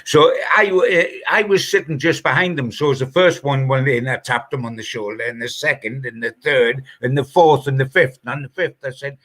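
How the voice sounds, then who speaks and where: An older journalist speaks in a bright, forceful voice at a middling pitch. He is measured and leans on repetition for emphasis. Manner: measured, repeats phrases for emphasis. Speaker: football journalist. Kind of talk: casual chat.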